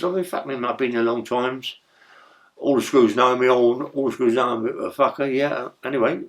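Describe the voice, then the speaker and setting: A man's voice: mid-range voice, fairly bright tone. A middle-aged man telling stories in a rambling, profane way, full of stammered restarts. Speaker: interview guest, former prisoner. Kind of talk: casual storytelling.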